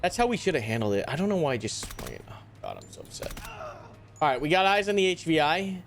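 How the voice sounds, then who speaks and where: Young guy streaming a shooter, super lively voice, keeps groaning he's upset, music playing low behind. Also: quick pace. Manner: animated, exasperated, swears and groans at setbacks. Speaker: gaming YouTuber. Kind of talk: live gameplay commentary.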